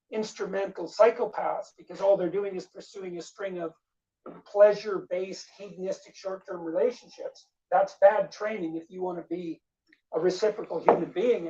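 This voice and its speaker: A man speaking in a measured, articulate lecture style. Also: high voice, dark tone. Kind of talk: lecture clip. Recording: distant, dull lo-fi clip.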